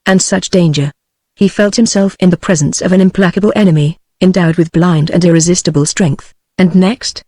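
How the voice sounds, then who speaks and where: A text-to-speech woman's voice with a British accent, narrating an audiobook in an even synthetic delivery. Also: on the low side, a little fast, no echo, studio quality. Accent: British English.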